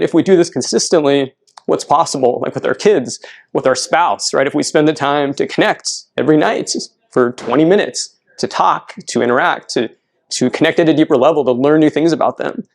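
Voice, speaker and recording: Earnest man presenting a talk. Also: a little high. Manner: earnest, frequent "right?" checks. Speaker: clinical psychologist giving a talk. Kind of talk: health fair presentation. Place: event room.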